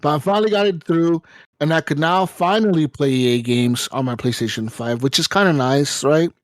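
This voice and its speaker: A man co-hosting a gaming podcast, ranting in a casual, profane and animated way. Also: on the high side, a little fast, no room sound, clean studio sound. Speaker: podcast co-host. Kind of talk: casual chat.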